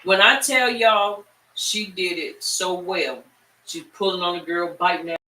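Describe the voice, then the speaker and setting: Woman Bible-class teacher, animated storyteller, bright tone, distant echoey room mic. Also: lowish voice, measured pace. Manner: lively storyteller, talks straight to the class.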